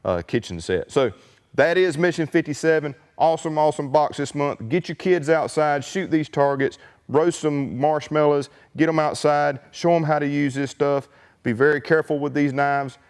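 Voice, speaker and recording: A man, hosting a casual unboxing video in a folksy, excitable, colloquial way. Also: fairly high pitch, moderate pace, smooth, big-room sound. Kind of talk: casual product unboxing chat.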